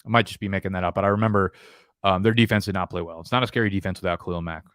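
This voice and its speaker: Brief: male fantasy football streamer, New York-area accent, lowish voice, blunt and profane, dry close sound. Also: fairly even intonation, very fast, fairly bright tone, no room sound. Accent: New Jersey/New York. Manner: profane, emphatic, rambling. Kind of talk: casual live stream chat.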